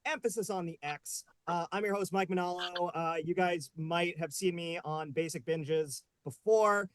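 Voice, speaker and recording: A man's voice: sits high, normal speed, smooth, no echo. A man hosting a live online panel show, upbeat and joking, with many fillers. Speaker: host. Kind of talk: casual live panel chat.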